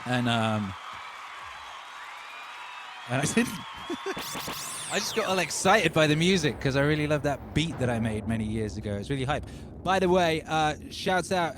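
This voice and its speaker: A man in his forties from England, hosting a home livestream in an excitable, rambling way, talking into a microphone run through a DJ mixer. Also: a little high, background noise. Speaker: livestream host and DJ. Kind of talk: casual livestream chat. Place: home studio. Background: faint music bed.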